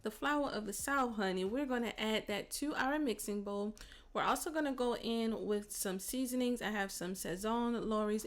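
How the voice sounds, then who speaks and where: A woman hosting a cooking tutorial in a casual, chatty voice-over, sassy and playful, calling her viewers "baby" and "child". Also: medium pitch. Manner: playful, teasing asides. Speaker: cooking channel host.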